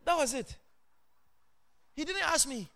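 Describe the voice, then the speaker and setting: Middle-aged guy preaching, high bright voice, swoops way up into shouty sing-song bits. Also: measured pace, vocal fry. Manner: animated, with sudden shouted and sing-song rises. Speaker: pastor. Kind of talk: sermon.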